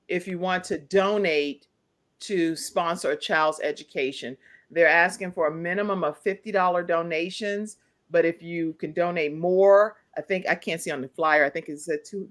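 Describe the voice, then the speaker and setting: A woman hosting a live talk show, upbeat and encouraging, spelling out details slowly for her listeners. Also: fairly low pitch.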